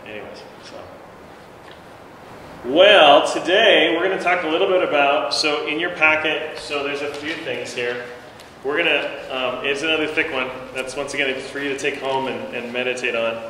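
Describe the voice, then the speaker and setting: A man's voice: mid-range voice, sharp tone. A man teaching a Bible class in a loose, conversational way, with many fillers and restarts. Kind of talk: casual church class teaching. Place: church room. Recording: very echoey long-reverb room with faint noise.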